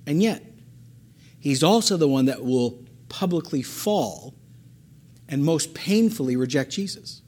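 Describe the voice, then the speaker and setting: A man preaching a sermon, animated and emphatic, repeating phrases and acting out the words of the people in his story. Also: a little high, unhurried, pauses often. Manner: animated, acts out quotes, emphatic repetition. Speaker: pastor.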